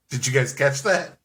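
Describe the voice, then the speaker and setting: A man's voice: medium pitch, sharp tone. A man co-hosting a casual movie review chat, joking, laughing often and swearing freely.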